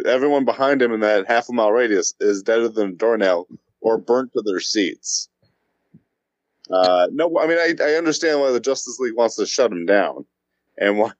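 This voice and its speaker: A man's voice: mid-range voice, no room sound, dull audio. Sardonic male podcast co-host, dry sound. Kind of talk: casual podcast chat.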